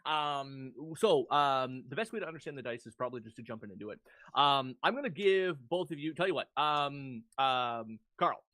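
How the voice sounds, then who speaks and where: A man's voice: medium pitch, expressive, moderate pace, pushed and bright, no echo. A man running a tabletop game, explaining the rules casually with frequent ums. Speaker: game master.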